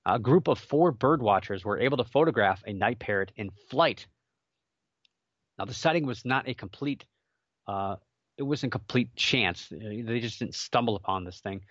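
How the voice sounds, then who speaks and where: A man's voice: mid-range voice, expressive, normal speed, fairly bright tone, no echo, dull audio. A man hosting a casual solo show, chatty and rambling with jokey asides and many fillers. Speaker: podcast host.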